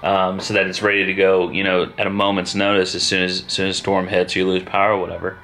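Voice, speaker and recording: A man, chatting casually at home as a family vlogger, relaxed and rambling. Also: sits low, quick pace, slight background noise. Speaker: vlogger and father. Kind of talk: casual chat.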